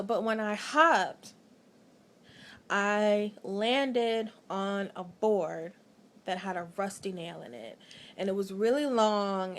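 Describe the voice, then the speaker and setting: Chatty woman telling a story. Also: mid-range voice. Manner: chatty, animated, frequent "like" fillers. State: tired late at night. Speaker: vlogger. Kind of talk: casual personal storytelling.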